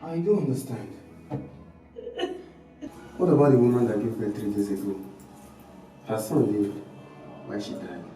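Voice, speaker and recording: Nigerian man cast as a calm doctor, lowish voice, distant echo and music. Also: measured pace, long pauses, close to an everyday voice. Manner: calm, explanatory. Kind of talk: film acting. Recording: echoey room from afar with music.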